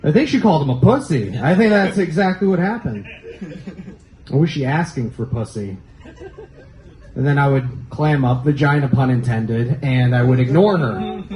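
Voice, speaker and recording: A man's voice: darkish tone, roomy sound, slight background noise, low-quality recording. A man doing a crude, brash stand-up set in a comedy club. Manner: brash, crude punchlines, jumps between high and low pitch. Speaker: stand-up comic.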